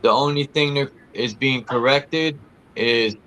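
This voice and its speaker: A man's voice: medium pitch, a little slow, bright, forceful tone, a little hiss or hum. A man hosting a casual, rambling chat, talking loosely with frequent swearing and restarts. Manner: rambling, profane, loose and conversational.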